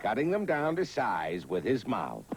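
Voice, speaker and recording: A man's voice: on the low side, wildly swooping pitch, a little slow, background noise. A man giving scripted narration that introduces classic comedy clips, in a wry presenting tone. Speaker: documentary narrator.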